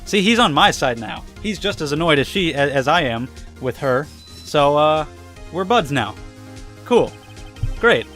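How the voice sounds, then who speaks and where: A young man giving casual, excitable commentary while playing a game, swearing often. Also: on the high side, a little slow, faint music behind. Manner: excitable, swears a lot, angry outbursts. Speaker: let's play gamer.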